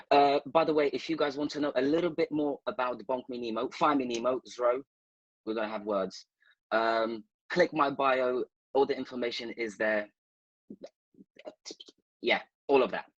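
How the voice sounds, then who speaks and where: A man with a husky, breathy voice tells a rambling story in playful asides, turning to the listeners as he goes. The sound is dry and close, with no room around it. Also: medium pitch, a bit bright, no echo, dull audio. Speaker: guest. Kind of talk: casual anecdote telling.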